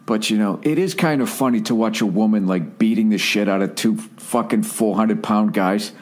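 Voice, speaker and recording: A man hosting a podcast, ranting in a casual comedic way, profane and quick to mimic voices. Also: lowish voice. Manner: profane, animated, mimics voices mid-story. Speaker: podcast host.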